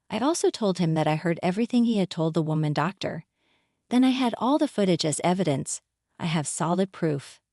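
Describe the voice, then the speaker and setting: A woman narrating a scripted first-person story in a steady, matter-of-fact reading voice. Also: on the low side, no echo, studio quality.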